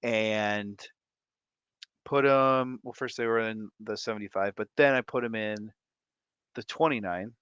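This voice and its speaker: A man hosting a casual livestream from home, reading viewer comments with animated, playful, jokey asides. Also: fairly low pitch, unhurried, pauses often, clear, resonant tone, dry recording, muffled recording. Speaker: livestream host.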